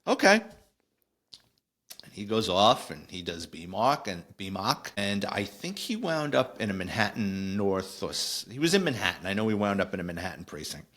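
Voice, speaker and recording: A middle-aged man, telling a casual, animated story on a podcast with lots of digressions. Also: deep voice, normal speed, few pauses. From New York. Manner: animated, digressive, acts out quoted voices. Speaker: podcast host, former police officer.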